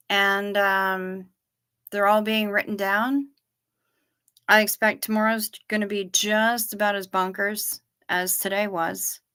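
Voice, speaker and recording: Sitting in her chair at home, this livestream host rambles through a casual chat with viewers, trailing off frequently, a little drowsy and yawning. Her mid-range voice has a sharp, clean tone.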